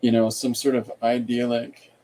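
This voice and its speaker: A man hosting an art podcast, thinking aloud in a relaxed, rambling way while he draws and reads viewer comments. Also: medium pitch, normal speed, poor audio. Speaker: artist and podcast host. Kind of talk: casual livestream chat while drawing.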